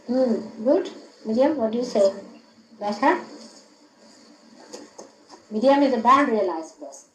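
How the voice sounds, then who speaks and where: An older woman giving an informal spiritual talk in a public hall, often laughing and speaking in an animated, instructive way. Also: a little high, slow, pauses often. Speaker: spiritual teacher. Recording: echoey hall, faint background hiss.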